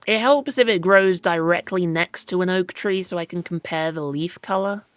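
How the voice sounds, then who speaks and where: A gaming channel host with a British accent and a fairly low voice does let's play commentary at a moderate pace. Her chatter is self-mocking, and she often talks to things in the game. There's no room sound.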